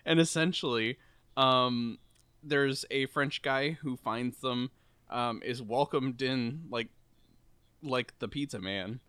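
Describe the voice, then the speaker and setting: Dry, wry man with a bright crisp voice. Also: medium pitch, takes it slowly, no room sound. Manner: dry, wry plot summarizing. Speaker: podcast co-host. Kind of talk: casual movie review chat.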